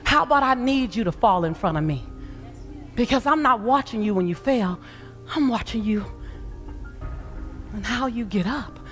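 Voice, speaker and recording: A woman's voice: on the high side, lively intonation, normal speed, long pauses, a bit bright, soft background music. Woman giving a fiery motivational speech. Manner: preaching, rising and falling emphasis. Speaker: motivational speaker.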